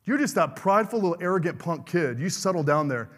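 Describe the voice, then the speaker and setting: A man's voice: a little high, lively intonation, quick pace, fairly bright tone, long reverb tail. A middle-aged male pastor preaching a fervent sermon, calling out to the congregation for amens.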